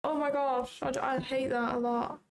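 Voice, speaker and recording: Excitable young woman, high voice. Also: normal speed, vocal fry, low-quality recording. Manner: chatty, excitable, swears casually. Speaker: livestream trading host. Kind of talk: casual live commentary.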